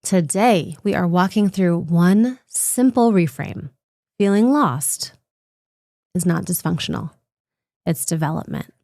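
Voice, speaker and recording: A woman hosting a reflective self-help podcast, coaching the listener directly in a gentle, encouraging way. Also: fairly low pitch, expressive, takes it slowly, gravelly, no echo, studio quality. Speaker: podcast host.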